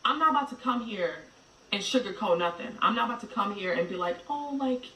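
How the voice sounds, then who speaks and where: A woman telling a personal story in a blunt, direct way, going from loud to hushed. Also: medium pitch, lively intonation, fast, echoey room, far from the mic, slight background noise, poor audio. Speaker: vlogger telling her story. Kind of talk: emotional storytelling.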